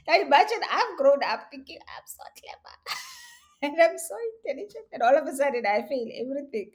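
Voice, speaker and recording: A middle-aged woman speaks as an interview guest and tells her life story. She is animated and expressive, often breaking into laughter as she talks. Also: high-pitched, brisk. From South Africa. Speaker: interview guest, tech education founder.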